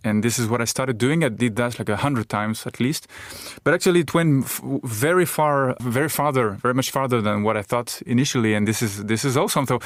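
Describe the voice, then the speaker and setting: A man's voice: mid-range voice, dry recording, clean studio sound. A middle-aged man from France with a French accent, a comedian chatting in an interview, hesitant and repeating words as he jokes. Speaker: comedian guest. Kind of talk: casual interview chat. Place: radio studio.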